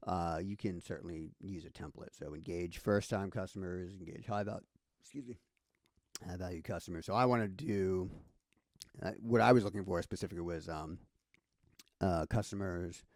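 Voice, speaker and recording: A man's voice: deep voice, normal speed, a little mellow, no echo, clean studio sound. A man giving a casual screen-share tutorial, thinking aloud with many fillers and restarts. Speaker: instructor.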